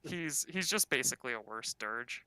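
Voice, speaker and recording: A man's voice: medium pitch, animated, moderate pace, sharp tone, clear, resonant tone, no echo. A man running a tabletop game as game master, talking in a laid-back, casual way.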